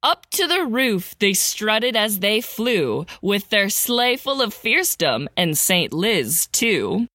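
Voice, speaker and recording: Bright, lively woman podcaster, laughing often. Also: medium pitch, takes it slowly, few pauses, dry recording, clean studio sound. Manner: giggly, breaks into laughter often. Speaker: podcast co-host. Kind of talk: reciting a comic holiday poem and casual chat.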